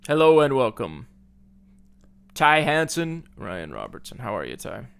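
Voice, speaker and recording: Slow, gravelly-voiced male podcast co-host. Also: medium pitch, wildly swooping pitch, a bit bright, soft background music. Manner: upbeat, agreeable, fills in with yeahs. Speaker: podcast co-host, financial advisor. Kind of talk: casual finance chat.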